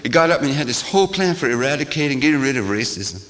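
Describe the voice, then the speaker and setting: An older man, a shaman, giving a sermon-like talk to a gathering in a church, with a rhythmic, repetitive cadence that swings from loud to hushed and wry, laughing asides. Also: medium pitch, sing-song, quick pace. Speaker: shaman speaker. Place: church hall. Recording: long hall reverb.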